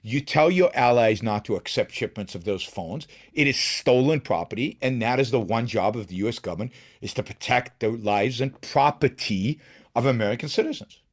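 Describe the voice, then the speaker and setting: Speaking at a moderate pace in a mid-range voice, this middle-aged host runs a one-man political commentary show. His delivery is emphatic, full of restarts and repeated words.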